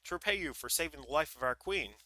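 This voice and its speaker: A man's voice: fairly high pitch, lively intonation, quick pace, sharp tone, no echo, pitched above the performer's own voice, poor audio. A man reading aloud, voicing a large, polite male mouse.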